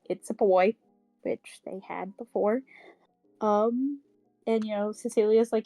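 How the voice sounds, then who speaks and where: A woman co-hosting a podcast talks through a novel in a casual book club chat, her mid-range voice dark in tone. She rambles with many fillers and the odd swear word, paraphrasing characters' lines in quick impressions. The recording is low in quality, without echo, and has faint music behind it.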